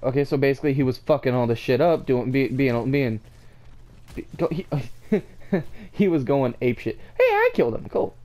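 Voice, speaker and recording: A tired gaming channel host gives profane, excitable commentary on his own gameplay through his desk mic, trash-talking as he plays. His medium-pitched voice keeps a moderate pace but cracks when he gets worked up.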